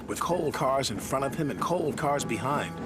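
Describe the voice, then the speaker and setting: A man narrating a children's story in an expressive way. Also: mid-range voice, normal speed. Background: music.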